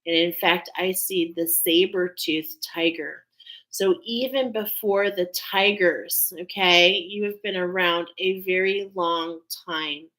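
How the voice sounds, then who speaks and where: Slow, bright-voiced woman giving a spiritual card reading. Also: lowish voice, steady tone, rough recording. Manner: earnest, heartfelt, meandering delivery. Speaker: intuitive oracle card reader.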